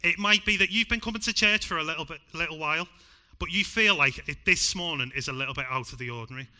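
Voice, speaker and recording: Bright-voiced Scouse preacher. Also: male voice, fairly high pitch, fast talker. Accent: Liverpool (Scouse). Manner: emphatic, swings from loud to hushed. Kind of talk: sermon. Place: church.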